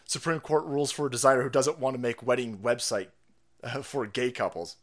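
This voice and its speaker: A man hosting a live stream, giving foul-mouthed, sarcastic political commentary that swings from low mutters to shouts. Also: fairly even intonation, fairly quick. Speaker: streamer host.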